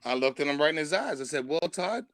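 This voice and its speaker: Animated male comedian telling a story. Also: fairly high pitch, racing, clean tone, no echo. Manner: animated, laughs through his punchlines. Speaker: stand-up comedian guest. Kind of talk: comic storytelling on a live stream.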